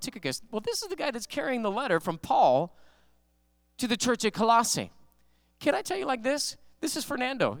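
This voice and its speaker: A male pastor preaching a sermon, animated and conversational, telling stories with emphatic rises in his voice. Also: high voice, clean tone, dry recording, clean studio sound.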